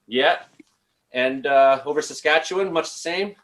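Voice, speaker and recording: A man from Canada hosting a casual call-in show, talking haltingly with many fillers and restarts. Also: fairly high pitch, fairly bright tone. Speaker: show host.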